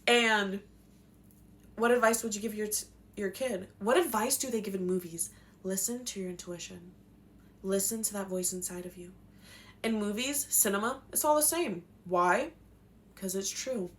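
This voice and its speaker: A woman's voice: medium pitch, normal speed. A young woman giving spiritual life advice in a casual, passionate, slangy talk, swearing now and then. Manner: passionate, slangy, swears, acts out quotes in voices.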